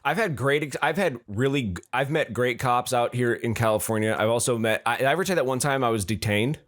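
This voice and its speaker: A man's voice: mid-range voice, fast, fairly bright tone. A man hosting a podcast, telling a story in casual chat, rambling with lots of restarts and acting out the other people's lines. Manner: acts out the other voices in his story. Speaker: podcast host.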